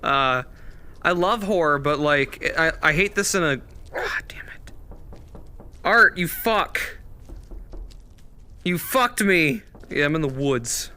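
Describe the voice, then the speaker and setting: A man's voice: on the high side, lively intonation, takes it slowly, bright, forceful tone. A man streaming a horror game, jumpy and swearing constantly, with nervous laughter. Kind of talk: live horror game commentary.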